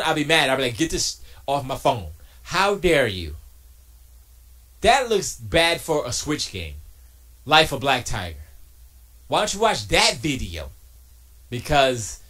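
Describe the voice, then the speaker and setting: A man with a fairly high-pitched voice streams from his home studio, chatting casually and answering viewers' messages while joking and arguing animatedly.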